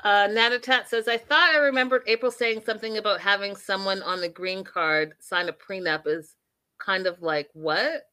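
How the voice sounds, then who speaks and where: Opinionated woman podcast host, animated. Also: mid-range voice, moderate pace, clean tone. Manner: animated, opinionated, acts out quotes. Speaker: podcast host reviewing reality TV. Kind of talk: casual opinionated recap.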